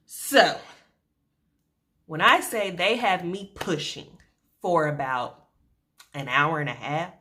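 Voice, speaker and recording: Chatty young woman telling a story, kinda low voice but bright and punchy, sarcastic asides. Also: slow, pauses often. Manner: animated, colloquial, sarcastic asides. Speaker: vlogger telling her birth story. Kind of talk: casual storytelling to camera.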